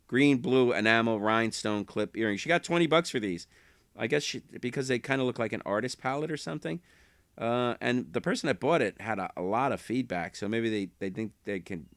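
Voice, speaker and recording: A man's voice: mid-range voice, fairly bright tone, no echo, studio quality. A man casually rambling to camera about things he sold online, correcting himself and chuckling as he goes. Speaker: eBay reseller vlogger.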